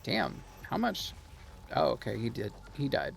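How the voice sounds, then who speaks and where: A man's voice: medium pitch, huge pitch swings, unhurried, creaky, a little hiss or hum. A man streaming a video game, chatting casually as he plays, laughing often and swearing now and then. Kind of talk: casual gameplay commentary.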